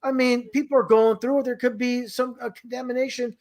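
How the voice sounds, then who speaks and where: A man's voice: extremely high pitch, little pitch movement, a little fast, a little mellow. A man talking casually and at length, rambling with many restarts and an incredulous tone. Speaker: guest. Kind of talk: casual conversation.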